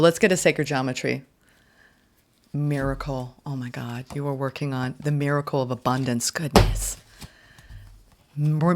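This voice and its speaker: A woman giving a casual tarot reading. She is emotional and effusive, exclaiming and repeating phrases as she reads card text aloud. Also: low voice. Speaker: tarot reader.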